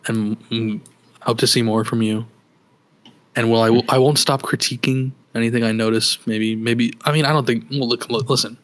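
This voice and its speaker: A man's voice: medium pitch, steady tone, normal speed. Rambling, joking male podcast co-host. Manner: rambling, joking, trailing off mid-thought. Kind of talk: casual chat. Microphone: podcast microphone.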